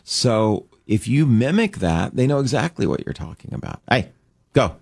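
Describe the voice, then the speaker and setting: A man's voice: mid-range voice, very animated, moderate pace, gravelly, a little mellow, no echo, studio quality. A man who works as a dog behavior counselor, explaining dog behavior as a guest in an interview. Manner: explanatory, acts out dog and owner voices.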